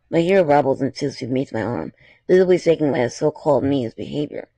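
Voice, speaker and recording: A man's voice: mid-range voice, animated, quick pace, vocal fry, mellow, dry recording. A man reading fan fiction aloud, with chatty, apologetic asides between the passages.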